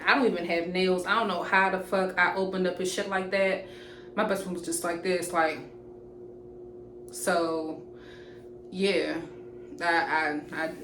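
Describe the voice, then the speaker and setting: A young woman, casually telling an animated, profane storytime to camera. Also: on the low side. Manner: animated, profane, jumps into quoted voices. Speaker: storytime vlogger. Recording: roomy echoey room with faint hiss.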